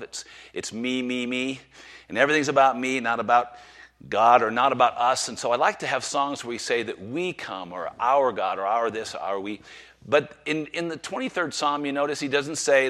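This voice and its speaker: A man preaching a sermon to his congregation, slowing down to recite scripture and inviting them to say it with him. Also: medium pitch, fairly bright tone. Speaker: pastor.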